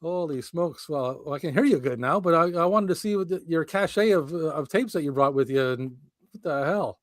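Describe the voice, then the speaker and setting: A man's voice: a little high, lively intonation, a little fast, dry recording. Man, podcast host, casual stream talk, profane, laughing, dry close mic. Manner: swears often, exasperated, laughs a lot. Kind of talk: casual live-stream chat. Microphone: remote video-call stream mic.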